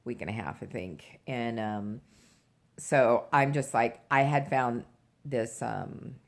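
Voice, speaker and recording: A middle-aged woman vlogger recounting a personal story in a halting way, with many fillers and restarts. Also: extremely low pitch.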